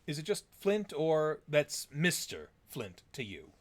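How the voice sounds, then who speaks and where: A man voicing a gruff, rude man who is curt and dismissive. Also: on the high side, huge pitch swings, takes it slowly, full character voice. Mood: hostile.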